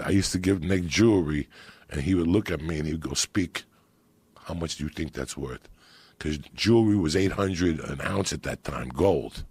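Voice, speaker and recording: A middle-aged man telling loud, profane, laughing stories as a podcast guest. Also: deep voice, husky, no room sound. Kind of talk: profane storytelling chat.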